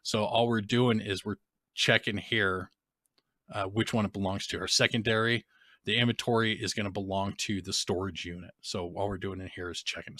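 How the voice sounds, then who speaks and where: A man's voice: on the low side, fairly bright tone, no room sound, clean studio sound. A man giving a live-streamed game development tutorial, talking loosely with many restarts and fillers. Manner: rambling, restarts and fillers, informal grammar.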